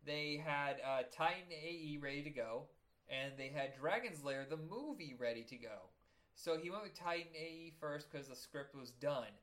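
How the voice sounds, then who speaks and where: A man with a voice set somewhat high for a man, trading film talk as a podcast co-host. He tells his stories with lively, animated chatter and drops curses without a second thought. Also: moderate pace. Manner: chatty, animated storyteller, swears freely. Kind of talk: casual chat about animated films.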